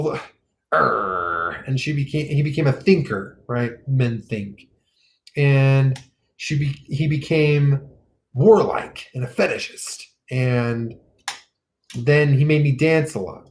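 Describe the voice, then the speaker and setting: A man hosting a casual poetry podcast, retelling a poem in a rambling, animated way full of fillers. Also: medium pitch, slight background noise. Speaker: podcast host.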